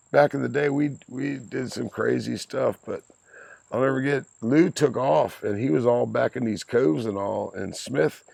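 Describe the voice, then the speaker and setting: A man in his sixties telling lively stories from his youth in a casual chat, with salty language and chuckles. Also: medium pitch, gravelly, no echo. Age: 60s. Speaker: podcast guest, host's father. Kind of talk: casual storytelling.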